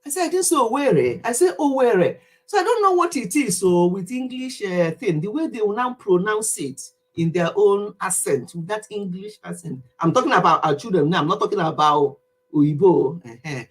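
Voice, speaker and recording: A woman's voice: lowish voice, animated, normal speed, husky. A Nigerian woman in her fifties, chatting animatedly to camera in a casual vlog monologue and laughing easily. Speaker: vlogger.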